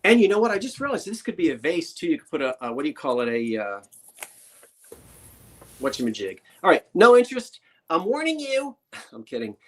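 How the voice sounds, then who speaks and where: A man's voice: mid-range voice, lively intonation, fairly quick, pauses often. A man running a live-streamed auction sale, describing items in a chatty, rambling way with joking asides.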